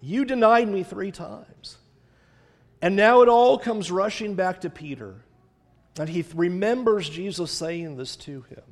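A man's voice: fairly high pitch, in a large hall. A man preaching a sermon in an earnest, dramatic way, retelling a story with rising intensity. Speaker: pastor.

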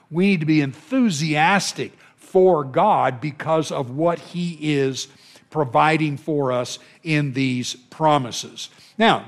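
An earnest male preacher delivering a sermon at an unhurried, deliberate pace. His voice sits a little high for a man. He leans on key words and repeats phrases for emphasis, with a chuckle now and then.

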